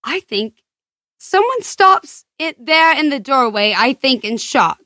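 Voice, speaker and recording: A woman's voice: high voice, very animated, slow, bright, forceful tone, dry recording. A young Southern American woman on a casual podcast, giggling as she reads a listener's email aloud. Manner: giggly, laughs through her reading. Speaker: podcast guest.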